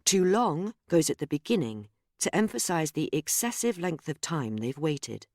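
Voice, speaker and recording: A narrator reading a scripted grammar lesson in a measured, explanatory way, speaking example sentences aloud. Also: mid-range voice, sing-song, dry recording, clean studio sound. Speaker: course narrator.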